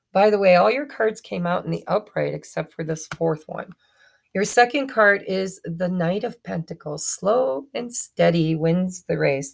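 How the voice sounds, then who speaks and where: A woman's voice: lowish voice, vocal fry. A woman giving a chatty tarot reading to her viewers, often stumbling and correcting herself as she goes. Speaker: tarot reader. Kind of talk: casual tarot reading to camera.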